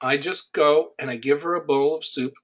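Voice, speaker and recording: A man's voice: on the high side, fairly even intonation, moderate pace. A middle-aged man coaching an audience on building an online business. He teaches through personal stories and speaks in a conversational, anecdotal way, hitting his key points with emphasis.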